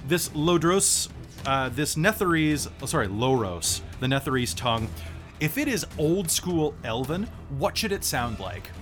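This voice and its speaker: A man's voice: on the high side, animated, a little slow, fairly bright tone, faint music behind. A man narrating a tabletop game as game master, chatty and full of fillers and self-corrections.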